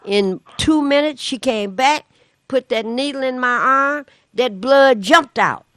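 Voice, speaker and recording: Woman, talk show co-host, animated storytelling, higher voice, dry sound. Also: slow pace, no echo. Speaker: community radio co-host. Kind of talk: casual storytelling chat.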